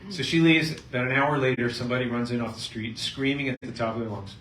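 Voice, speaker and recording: A middle-aged man, a chiropractor, speaking to a live seminar audience and telling a patient story with lively storytelling. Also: mid-range voice, fast talker. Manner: storytelling, acting out both sides of a patient story, animated. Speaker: chiropractor giving a health seminar. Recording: echoey room, mic at a distance, faint noise.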